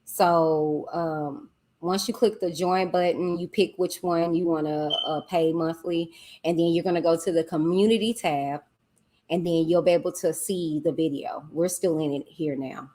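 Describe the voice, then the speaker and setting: A woman's voice: lowish voice, fairly even intonation, dark tone. A woman hosting a casual livestream, chatting with viewers and reading their comments aloud. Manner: chatty, drawn-out exclamations, talks to viewers as "y'all" and "child". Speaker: livestream host.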